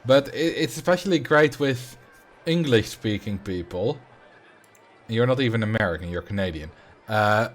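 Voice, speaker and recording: A man, streaming a building game, chatting casually, reading chat and thinking aloud with self-mocking humor. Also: medium pitch. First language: Dutch.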